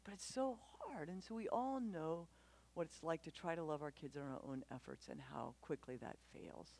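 A woman giving a conversational church talk on parenting, animated and quick to act out voices, often asking the audience questions. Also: deep voice, vocal fry. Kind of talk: conversational sermon.

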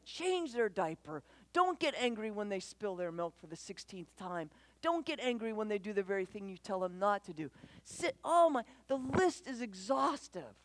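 A woman giving a conversational church talk on parenting, animated and quick to act out voices, often asking the audience questions. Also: a little high, no echo. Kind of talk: conversational sermon.

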